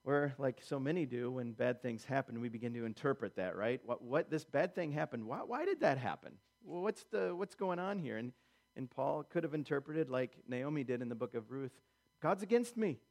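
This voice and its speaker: A man's voice: mid-range voice, lively intonation, normal speed, gravelly, darkish tone. A man preaching a sermon, acting out quotes in character and building emphasis through repetition. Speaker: pastor.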